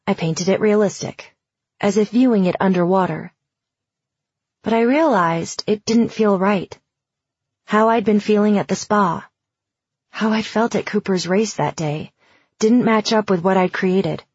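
A woman reading a first-person audiobook in a reflective, even storytelling manner. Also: medium pitch, husky, no room sound, dull audio. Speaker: audiobook narrator.

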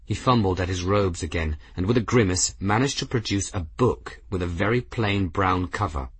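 A man narrating a story aloud with a steady, dramatic reading and a husky voice, close to the mic. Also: deep voice, moderate pace, few pauses, no room sound. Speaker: audiobook narrator. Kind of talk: scripted narration.

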